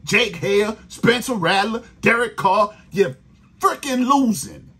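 Angry new guy cussing about his team, really raspy voice, pitch jumps all over. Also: expressive, slow, pushed and bright. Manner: profane, exasperated ranting. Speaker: sports podcast host. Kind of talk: angry fan rant.

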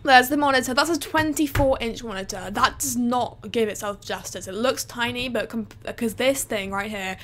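A woman's voice: a little high, moderate pace, hardly any pauses, fairly bright tone, a little hiss or hum. A woman, livestreaming her gaming in a hyper, chatty way full of fillers. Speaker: gaming streamer. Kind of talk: excited livestream chat.

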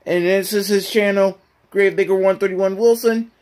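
A man voicing a jittery, scared male cartoon slacker with a high, nasal drawl. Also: fairly even intonation, normal speed, darkish tone, close to an everyday voice. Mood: whiny.

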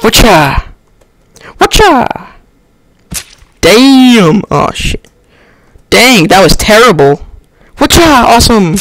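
A young man on a headset giving excitable let's-play commentary, yelping and laughing as he plays. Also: high-pitched, takes it slowly, long pauses, no room sound. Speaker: gamer.

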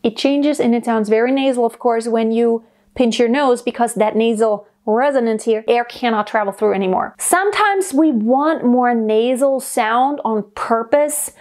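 A woman voice teacher explaining singing technique clearly, step by step, in a lesson. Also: a little high, moderate pace, darkish tone.

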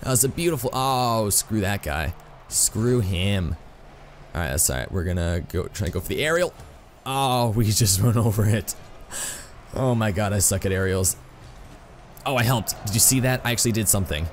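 Excitable man doing gameplay commentary. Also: lowish voice, normal speed, slight background noise. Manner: excitable, self-mocking, full of exclamations. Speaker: gaming YouTuber.

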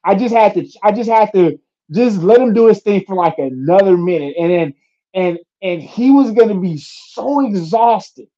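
Young man, fighter, animated storyteller, mellow voice, muffled sound. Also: high-pitched, normal speed. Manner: animated storytelling, acts out quotes, swears freely. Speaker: UFC fighter. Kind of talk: casual interview chat.

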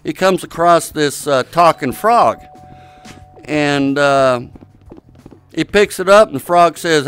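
A man's voice: a little high, a bit bright, clear, resonant tone, faint music behind. A man telling long rambling jokes in a casual online hangout, with lots of hesitant uhs. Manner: rambling, drawn-out delivery with many uhs. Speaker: joke teller in an online game lobby.

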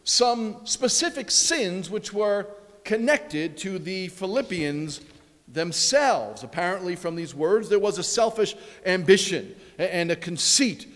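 A man preaching a sermon as pastor, emphatic and repetitive, with his voice dropping low at the ends of phrases. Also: animated, unhurried, fairly bright tone, in a large hall. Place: church sanctuary.

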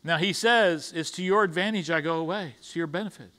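A pastor speaking fairly quickly in a fairly high, pushed, bright voice delivers a conversational sermon in the church sanctuary. He stumbles through restarts while paraphrasing and acting out what the disciples said.

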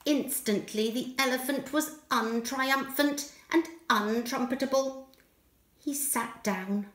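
A woman who teaches nursery school, reading a storybook aloud to young children in a gentle, expressive way. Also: sits high, slow pace. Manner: gentle, expressive and sing-song. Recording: echoey room.

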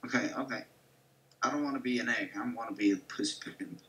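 A man's voice: medium pitch, fast talker, bright, forceful tone, reverberant, low-quality recording. A man playing a game alongside the host, chatting casually and throwing in crude, teasing jokes. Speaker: co-player.

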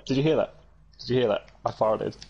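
A man's voice: medium pitch, fairly quick, creaky, lo-fi sound, a loud crowd. A man hosting a game stream, bantering crudely with friends over voice chat and laughing often.

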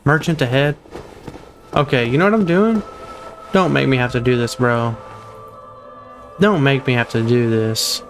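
Faint music plays behind a young male gamer giving live commentary on his first playthrough, his medium-pitched voice unhurried and often pausing. He yelps and groans whenever he messes up.

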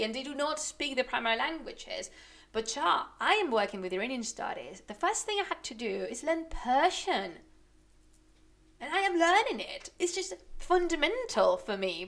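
A young woman whose first language is not English, ranting on a live stream in an animated, exasperated way and thinking aloud. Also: high voice. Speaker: streamer and researcher. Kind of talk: casual ranting stream commentary.

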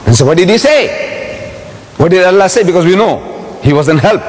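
Animated male lecturer in an echoing hall. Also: sits high, normal speed. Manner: dramatic storyteller, rhetorical questions. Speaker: religious lecturer. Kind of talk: public lecture with storytelling. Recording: long hall reverb.

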